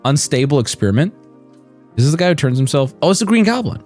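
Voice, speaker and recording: A male streamer opening card packs live and reading the cards aloud, excitable and profane. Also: on the high side, fast talker, faint music behind.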